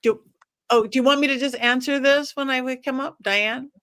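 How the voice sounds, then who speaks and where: Rambling, enthusiastic woman, higher voice. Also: steady tone, a bit bright, smooth, dry recording. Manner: enthusiastic, rambling, lists ideas quickly. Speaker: psychic guest. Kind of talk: casual podcast interview.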